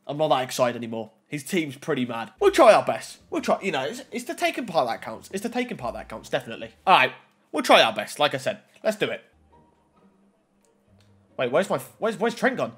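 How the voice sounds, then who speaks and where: A young man giving gameplay commentary on a football video game, excitable and talking straight to the game and his viewers. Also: mid-range voice, a little fast, breathy edge, soft background music. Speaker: gaming YouTuber.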